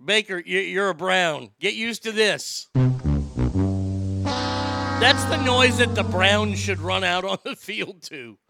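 Brash, gravelly high-voiced sports ranter. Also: male voice, animated, slow pace, long pauses, bright, forceful tone, faint music behind. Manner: brash, sarcastic, swears freely. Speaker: sports talk host. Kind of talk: casual sports rant.

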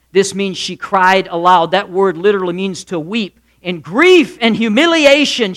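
A man preaching a sermon, acting out characters in quick asides and swinging from loud to soft. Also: high voice. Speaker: pastor.

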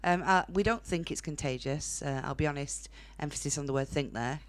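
A woman's voice: sits low, brisk, slight background noise. A young woman with a Northern English accent doing a blunt, chatty stand-up set on a comedy club stage, laughing at her own jokes. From Northern England.

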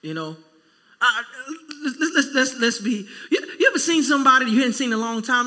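A male pastor preaching a sermon, casual and animated, acting out quick bits of everyday dialogue. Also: very high-pitched. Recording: long reverb in a church hall.

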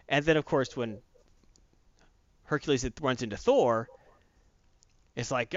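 A man hosting a comic book podcast, recapping an issue in a rambling, animated way with casual asides. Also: mid-range voice, normal speed, pauses often, no echo. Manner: rambling, animated storyteller who acts out quotes. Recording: dull lo-fi dry recording.

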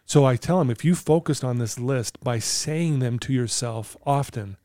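Man, interview guest, earnest storyteller, mellow voice, dry close sound. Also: mid-range voice, normal speed, no echo. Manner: earnest, acts out dialogue with clients. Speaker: podcast guest, client coach.

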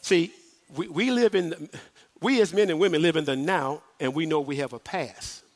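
A man, a minister, preaching a sermon in rising repeated questions that slow down and swell to shouts at the peaks. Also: on the high side.

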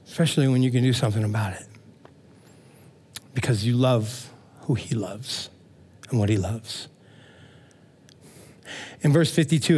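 A middle-aged man preaching a sermon as pastor, telling stories in a lively, conversational way and checking in with the congregation. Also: sits high. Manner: animated storytelling, frequent "man" and "amen?" asides.

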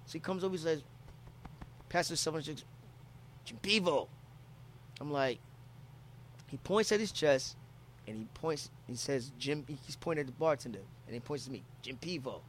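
A man's voice: fairly high pitch, fairly quick, long pauses, a little hiss or hum. A man from Philadelphia telling a travel story in casual, profane talk, acting out quotes from people he met.

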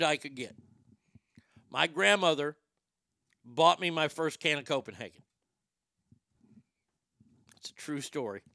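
A man's voice: fairly high pitch, gravelly, dry recording, clean studio sound. A middle-aged man doing stand-up, telling a crude family story and acting out the quotes. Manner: crude, animated, acts out quotes. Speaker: stand-up comedian.

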